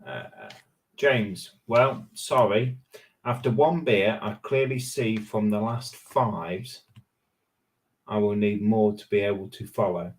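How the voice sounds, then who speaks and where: A man co-hosting a casual live chat stream teases his co-host in a jokey way. His voice is on the low side and slow.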